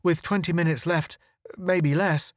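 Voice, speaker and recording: A man reading aloud puts on a tense young space reporter, pitched noticeably higher than the narration and pushing hard to be heard. He sounds urgent and commanding, and the voice sits close and dry with no room around it. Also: steady tone, measured pace, no room sound, lightly acted. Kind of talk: audiobook character reading.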